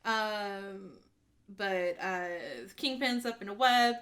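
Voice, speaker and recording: Chatty woman podcast co-host. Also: mid-range voice. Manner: animated storytelling with quick acted quotes and laughs. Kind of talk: casual movie recap chat.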